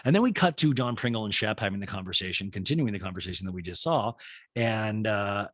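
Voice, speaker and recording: A man hosting a casual comedic recap, talking in an animated, mocking way. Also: on the low side, quick pace, no room sound, studio quality. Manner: animated, mocking, slips into exaggerated voices for quotes. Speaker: podcast host recapping a reality show.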